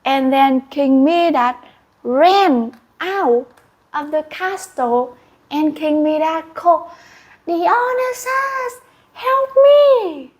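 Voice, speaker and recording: Casting: woman teacher, animated storyteller, high and very slow. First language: Vietnamese. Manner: animated, with sound effects and gasps. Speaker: English teacher. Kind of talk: storytelling lesson.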